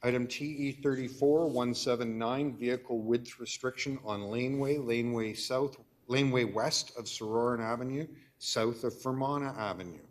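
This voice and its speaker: A man with a Canadian accent chairing a council meeting, reading agenda items and motions in a brisk, dry procedural way. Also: medium pitch. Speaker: committee chair.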